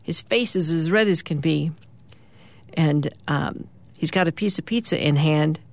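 Describing the morning comics panel by panel, a medium-pitched radio host reads them out in an easygoing way, using small fillers as he pauses.

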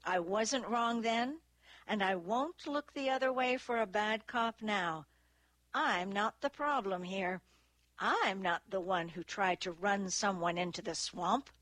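A sharp-tongued female detective, sarcastic and quick to snap, as a woman narrator puts her on. The voice stays mid-pitched and dry, spoken close to the mic. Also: no room sound. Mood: defiant. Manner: snappish, sarcastic.

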